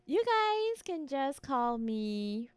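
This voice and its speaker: Young woman streamer, playful and giggly, teasing in a mock-sinister persona; higher voice, very lively melody, dry close-mic sound. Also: extremely slow, dry recording. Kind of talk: casual live-stream chat with chat.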